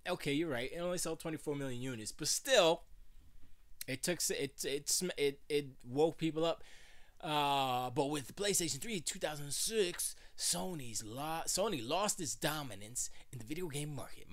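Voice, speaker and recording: An older man who calls himself an old man hosts a casual live stream from his home studio, his voice a little high and a bit bright. He chats and rambles, restarting often and slipping into playful voices.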